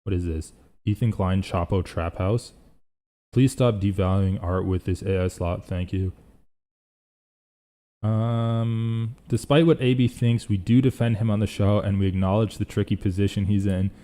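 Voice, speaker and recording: A man's voice: fairly low pitch, steady tone, moderate pace, mellow. A young man hosting a casual live reaction stream, rambling and thinking aloud as he reads chat.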